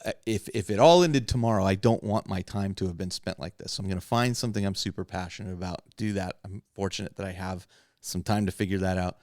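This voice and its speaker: A man with a lowish voice talks in a loose, rambling way as a podcast host, laughing now and then. The sound is close and dry, with no room around it. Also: fast talker, a little mellow, dry recording. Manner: rambling, candid, laughs often. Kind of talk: casual hobby chat.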